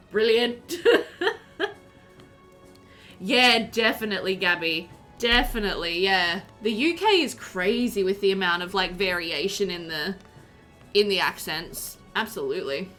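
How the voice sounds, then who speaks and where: A woman's voice: mid-range voice, lively intonation, measured pace, pushed and bright, faint music behind. A woman with an Australian accent, live-streaming a game at home and chatting in a rambling way, full of fillers. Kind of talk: casual chat while live-streaming a game.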